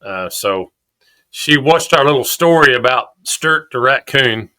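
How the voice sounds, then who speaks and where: A man's voice: mid-range voice, animated, bright, forceful tone. A middle-aged man, co-hosting a podcast and telling stories in a chatty, laughing way. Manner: chatty, storytelling, quick laughs. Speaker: podcast co-host. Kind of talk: casual chat.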